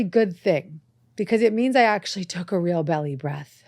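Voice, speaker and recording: A woman hosting a self-help podcast, talking earnestly and reflectively, breaking into animated anecdotes. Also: mid-range voice, normal speed, dry recording, studio quality. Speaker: podcast host. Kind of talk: motivational self-help talk. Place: studio set with lights.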